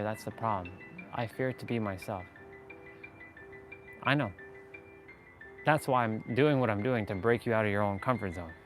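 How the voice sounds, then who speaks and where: A man hosting a casual motivational live stream, talking earnestly and rambling with lots of fillers and laughs. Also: mid-range voice.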